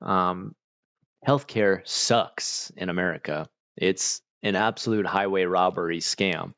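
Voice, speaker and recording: A man with a deep, slightly bright voice talks slowly while responding to his livestream chat. His replies are rambling and hesitant, full of fillers and restarts. The mic is dry, dull and lo-fi, with no echo.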